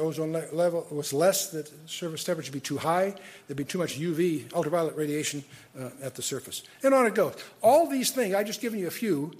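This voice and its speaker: A man's voice: on the high side, darkish tone, husky. An older man giving a conversational, digressive Bible study lecture, often restarting his sentences. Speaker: Bible teacher. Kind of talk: lecture-style Bible teaching.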